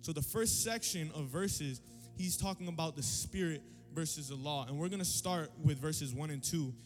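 High-voiced man preaching casually. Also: normal speed, big-room sound, faint music behind. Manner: animated, slangy, conversational. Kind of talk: casual sermon.

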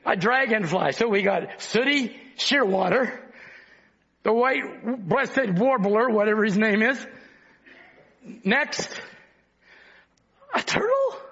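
A man preaching a sermon with fervor, breaking into shouts and then dropping low to talk with the congregation. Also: slow pace, gravelly, breathy edge, dull audio.

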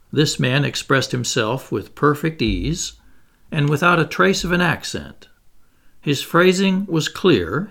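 A man narrating a classic novel in a measured, expressive reading style. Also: mid-range voice, vocal fry. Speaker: audiobook narrator. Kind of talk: scripted narration.

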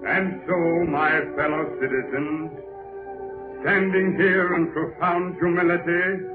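A man's voice: on the high side, fairly even intonation, slow, roomy sound. An actor playing a solemn male orator in an old-time radio drama, speaking in a declamatory way. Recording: tinny lo-fi old radio recording with music.

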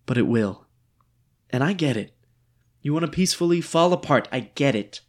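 A man's voice: medium pitch, animated, moderate pace, lightly acted. A man reading the part of a ghostly dictator with a bullet wound, needy and melodramatic, in a stage play reading. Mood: brooding. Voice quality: theatrical, swinging between whimpers and outbursts.

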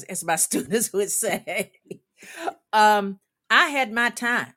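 Animated older woman telling a story. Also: mid-range voice, takes it slowly. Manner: animated storyteller, laughs often, quotes people in character. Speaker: guest, former women's basketball coach. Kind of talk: storytelling on a talk show.

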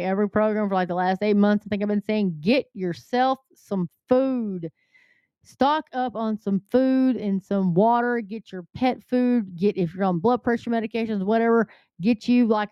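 A woman's voice: mid-range voice, clear, resonant tone, no room sound. A middle-aged woman hosting a news commentary show, talking urgently and earnestly straight to her listeners. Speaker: host. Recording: slightly dull lo-fi sound.

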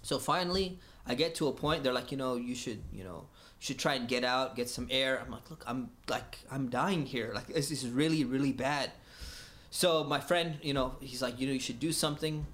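A man from the United States telling a story in a casual, animated way, laughing often and acting out the dialogue. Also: mid-range voice, moderate pace.

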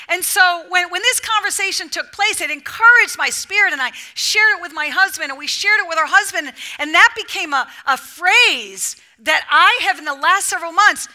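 A woman preaching a sermon to a women's gathering, animated, swinging between loud emphatic bursts and soft near-whispered lines. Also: extremely high pitch, moderate pace, few pauses.

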